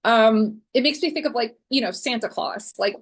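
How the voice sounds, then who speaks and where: A woman's voice: on the high side, moderate pace. A woman in her forties giving a conversational lecture as a guest speaker, chatty and loose, with frequent ums and small restarts. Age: 40s.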